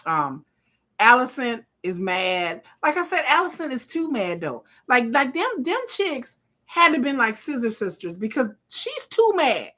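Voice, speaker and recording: A woman, hosting a live watch party with blunt, profane, animated casual commentary. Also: fairly high pitch, measured pace. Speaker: live-stream host.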